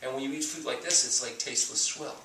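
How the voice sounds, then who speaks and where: Guy giving a health talk, bright voice, mic kinda far off, roomy echo, tells stories and acts out the dialogue. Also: mid-range voice, quick pace, slight background noise. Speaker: doctor giving a talk on fasting. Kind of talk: talk to an audience. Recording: echoey room, mic at a distance.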